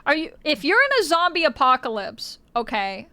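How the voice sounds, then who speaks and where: A woman's voice: sits high, sing-song, normal speed, pushed and bright, dry recording. A woman streamer in casual livestream chat, playful, swearing freely and laughing often, on a close mic.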